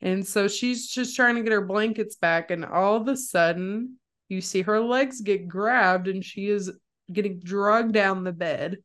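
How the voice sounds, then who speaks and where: A young woman co-hosting a podcast, casually retelling a horror film scene by scene and acting out the quotes. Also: a little slow. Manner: animated storyteller, acts out quotes with jumps in pitch. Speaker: podcast co-host.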